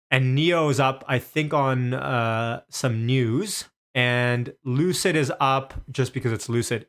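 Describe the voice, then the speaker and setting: A man hosting a live stock market stream, excitedly calling out prices as they move and often repeating himself. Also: medium pitch.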